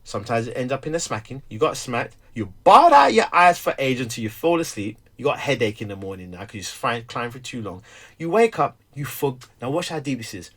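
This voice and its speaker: A man's voice: mid-range voice, sing-song, fairly quick, hardly any pauses, a bit bright. A middle-aged man, talking candidly about being a dad, who tells stories animatedly and acts out the dialogue. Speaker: stay-at-home dad. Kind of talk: candid conversation.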